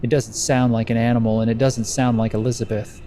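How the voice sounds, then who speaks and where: Mellow-voiced man narrating a horror game. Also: medium pitch, flat delivery, a little hiss or hum. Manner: slow, atmospheric descriptive narration. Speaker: game master.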